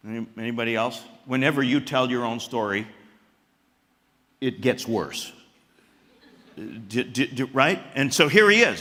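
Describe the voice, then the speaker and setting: In a large, echoey chapel hall, a man preaches an animated sermon, firing questions at the audience. He stammers and restarts, and his pitch and volume jump suddenly.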